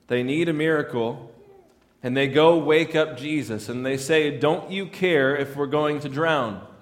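A man's voice: on the high side, in a large hall. A man preaching a sermon in a conversational way, often repeating words as he restarts his lines. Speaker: pastor.

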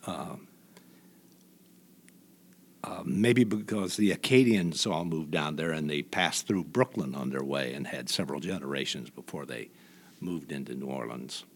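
A man from Indiana, a guest in an interview, telling stories in a halting way with many restarts. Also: extremely low pitch. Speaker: guest, voice imitator. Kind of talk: reflective conversational storytelling.

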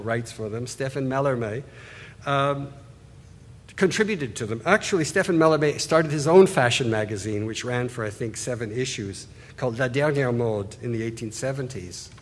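A man's voice: mid-range voice, moderate pace. A man giving an art history lecture, talking loosely and pointing things out on slides, often restarting his phrases. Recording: hall reverb, husky voice.

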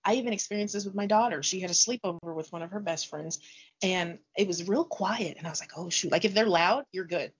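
A woman's voice: lowish voice, fairly quick, breathy edge, highs cut off. A middle-aged woman, a teacher, chatting casually in an interview and acting out classroom conversations as she tells them. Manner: animated storyteller acting out dialogue.

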